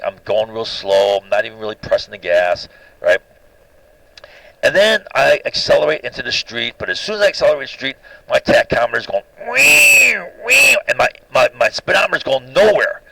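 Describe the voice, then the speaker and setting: A man with a gravelly, bright voice whose pitch swings all over as he rambles through a suspicious personal story. He keeps checking in with his listener with "right?" The recording is dry and close. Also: dry recording, poor audio. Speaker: lecturer. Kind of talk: monologue telling a personal story.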